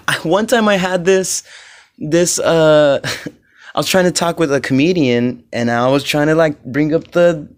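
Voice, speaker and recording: A young man hosting a solo podcast, rambling with lots of fillers and swearing, getting heated as he goes. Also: a little high. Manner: rambling, profane, many fillers; grows heated and loud. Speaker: podcast host.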